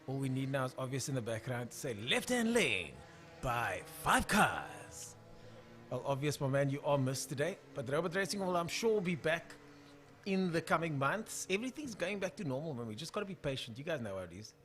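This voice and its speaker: A man's voice: fairly high pitch, fast, faint music behind. A young man with a South African accent hosting a casual live stream of drag racing, calling the races and chatting through viewer comments.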